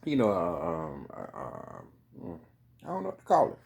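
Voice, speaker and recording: A man's voice: fairly low pitch, huge pitch swings, normal speed, gravelly, a little mellow. A man giving a rambling, casual commentary monologue, full of profanity and repeated "you know what I mean" asides.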